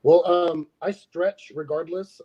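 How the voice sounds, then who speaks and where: A man guest telling a story in a relaxed way over dull, lo-fi call audio. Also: fairly high pitch, slow pace. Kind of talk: casual comedy storytelling.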